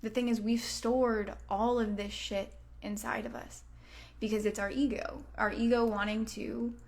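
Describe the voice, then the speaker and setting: 30s woman podcast coach, a bit high-pitched, super casual, lots of "like" and cussing, goes whispery sometimes. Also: little pitch movement, measured pace, a little mellow. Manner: casual, frank, heavy on "like" fillers and swearing. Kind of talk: motivational podcast monologue.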